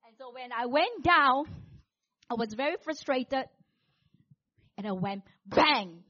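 A woman preaching a sermon, telling a personal story in an animated way and acting out what people said, with big swings between loud and soft. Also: high-pitched, slow, muffled recording.

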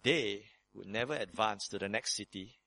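A man preaching a sermon as pastor, acting out prayers in quick shifts of voice. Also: gravelly, no room sound. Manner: lively preaching, acts out prayers in sudden higher voices.

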